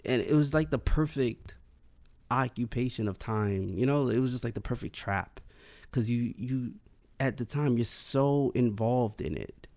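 A man's voice: mid-range voice, measured pace, darkish tone. A man telling a personal story in casual conversation, rambling with plenty of "like" and restarts.

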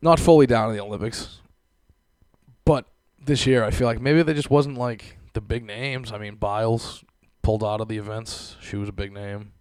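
A man's voice: fairly low pitch, fairly even intonation, normal speed, darkish tone, clean tone, dry recording. A young man hosting a podcast, ranting in casual, profane chat and laughing often. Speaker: podcast host.

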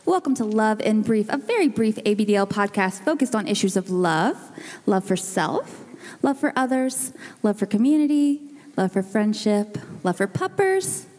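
A woman co-hosting a podcast, briskly and playfully reciting the show's opening. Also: medium pitch, animated, a little mellow. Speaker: podcast co-host. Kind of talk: scripted show intro. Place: convention hall with live audience. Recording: live hall recording with long reverb and crowd.

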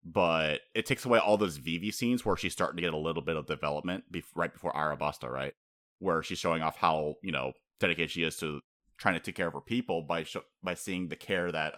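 A man's voice: rumbling low, fairly bright tone, no echo. A man co-hosting a podcast in casual chat, rambling and chatty, often laughing as he talks. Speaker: podcast co-host.

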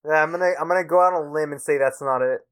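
A man's voice: a little high, very fast, fairly bright tone, clean tone. A man co-hosting a podcast, chatting casually, laughing and stumbling over his words. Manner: giggly, stumbling restarts. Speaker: podcast co-host. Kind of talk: casual chat.

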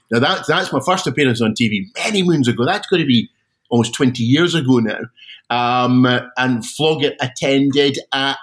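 A middle-aged Scottish man, a guest auctioneer, telling stories in a casual interview with animated, self-deprecating restarts. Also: medium pitch, low-quality recording. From Scotland.

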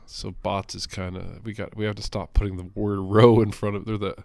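A man's voice: fairly low pitch, little pitch movement, fairly quick, vocal fry, a little mellow, no echo, studio quality. A man co-hosting a casual podcast, rambling and cursing, full of jokes. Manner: profane, rambling, jokey. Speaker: podcast co-host. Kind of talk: casual comic book podcast chat.

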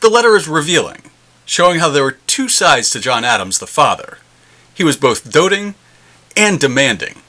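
Man, scripted history narration, lively pitch, bright tone, emphatic. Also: normal speed. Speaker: history segment host.

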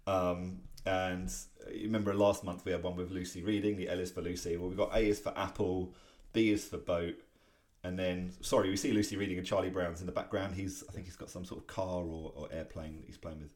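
Man, very deep voice, halting casual chat, podcast co-host. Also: level tone, a little mellow. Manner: hesitant, many fillers and restarts, chuckling. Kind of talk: casual chat about comic strips.

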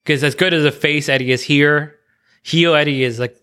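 In a laid-back podcast discussion, this co-host gives opinionated takes on a wrestling match, his speech speeding up in bursts. He sounds a little high, with a steady, pushed, bright, and clean tone.

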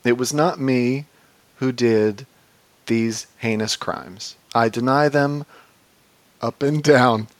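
A man's voice: medium pitch, takes it slowly, long pauses, no room sound, close to an everyday voice. A man voicing a rambling older male children's entertainer in a podcast comedy bit, drifting into food tangents and mumbled "a baw" tics.

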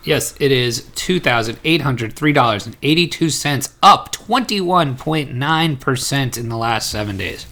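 Playful male co-host with a bright, crisp-edged voice, mid-pitched. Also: animated, measured pace, hardly any pauses. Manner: playful, jokey. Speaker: podcast co-host. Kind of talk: casual podcast banter.

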